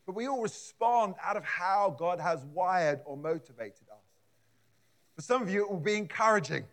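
A man's voice: sits high, a bit bright. A man preaching a conversational sermon in a church, often repeating words and adding asides. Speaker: pastor.

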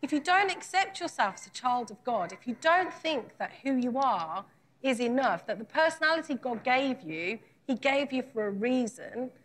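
Earnest woman preaching, higher voice. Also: animated, normal speed, a bit bright. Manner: earnest, asks the congregation repeated direct questions; acts out scripture dialogue in conversational retelling. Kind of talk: sermon.

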